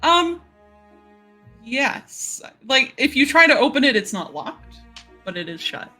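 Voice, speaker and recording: A woman acting as game master, narrating a tabletop game in a relaxed, hesitant way with many fillers. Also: high voice, slow pace, faint music behind.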